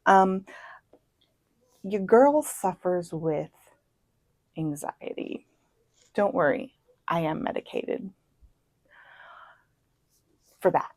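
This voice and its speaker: A young woman chatting casually as a book vlogger, self-deprecating and full of quick asides. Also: lowish voice, expressive, a little mellow, no echo, poor audio. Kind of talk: casual chat. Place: home.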